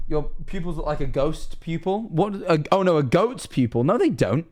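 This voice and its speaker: A young man casually reacting to a video, excitable and rambling, quick to joke. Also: a little high.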